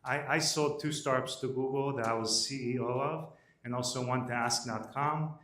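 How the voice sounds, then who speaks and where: Founder pitching in a roomy hall. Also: male voice, steady tone, fairly bright tone, a little hiss or hum. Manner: brisk, matter-of-fact, frequent "uh" fillers. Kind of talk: live startup pitch. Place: event room at a pitch night. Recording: roomy audio from a distance.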